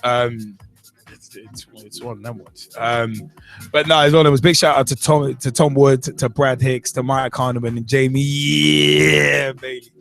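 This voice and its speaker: A man's voice: medium pitch, fairly even intonation, moderate pace, gravelly, fairly bright tone, soft background music. A man hosting a casual football podcast, rambling and joking between results. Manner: rambling, jokey, laughs at own asides. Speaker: podcast host. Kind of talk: casual football chat show.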